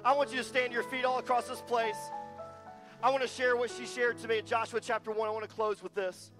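A man's voice: very high-pitched, little pitch movement, fast, music in the background. A man preaching a passionate, emphatic sermon as a guest speaker, repeating lines for weight.

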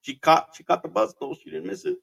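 A man's voice: fairly high pitch, huge pitch swings, brisk, vocal fry, a bit bright, slightly rough. A man in his thirties from Arizona, telling a casual, rambling story full of swearing and dropping into Spanish phrases. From Arizona, USA.

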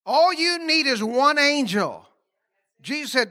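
High, forceful preacher man. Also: big pitch swings, slow. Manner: folksy and conversational, with laughing asides; asks the congregation questions. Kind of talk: sermon.

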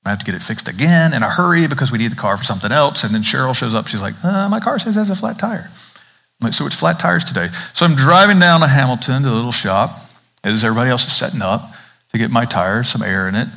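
A man's voice: medium pitch, fast, vocal fry, sharp tone. A man from the American South with a Southern accent, a pastor preaching an Advent sermon in a conversational way, asking the congregation questions.

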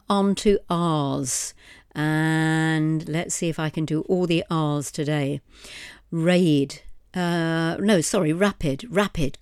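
Woman teaching vocabulary, low voice. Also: clear, resonant tone, dry recording, clean studio sound. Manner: steady, explanatory, repeats words slowly, spells letters. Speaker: podcast host, English teacher. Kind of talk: vocabulary lesson, spelling out words.

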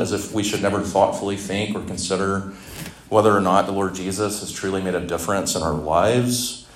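Middle-aged male preacher, low voice, loose and joking, echoey hall sound. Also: fairly quick, slight background noise. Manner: conversational, humorous preaching with asides. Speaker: campus ministry speaker. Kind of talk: conference sermon. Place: conference hall. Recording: roomy hall echo.

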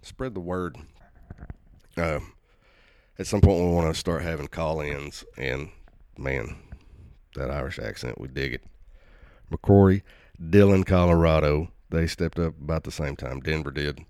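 A man hosting a podcast, reading out listener shoutouts in a laid-back, rambling, self-deprecating way. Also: very deep voice, measured pace, long pauses, no room sound, studio quality. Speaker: podcast host. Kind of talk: casual solo shoutout monologue. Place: at home.

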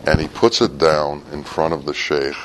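Man preacher, very low voice, sermon storytelling that rises into sudden emphatic bursts. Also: steady tone, normal speed, slight background noise, low-quality recording. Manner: swings from low and quiet to sudden loud, high bursts.

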